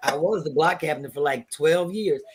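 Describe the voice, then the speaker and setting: A middle-aged woman with a St. Louis accent tells stories in a relaxed interview. Her voice sits low for a woman. She acts out the people she quotes. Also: moderate pace, breathy edge. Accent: St. Louis, Missouri. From St. Louis, Missouri. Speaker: guest, comedian. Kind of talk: casual interview chat.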